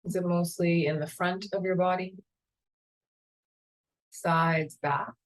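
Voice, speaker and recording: A woman yoga teacher leading a guided meditation in a slow, calm, soothing way. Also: fairly low pitch, low-quality recording. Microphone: camera mic, seated on a chair.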